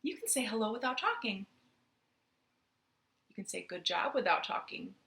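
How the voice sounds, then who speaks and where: A woman's voice: medium pitch, animated, normal speed, creaky, sharp tone, roomy sound. A young woman leading a children's storytime from her living room, playful and sing-song as she talks to the kids.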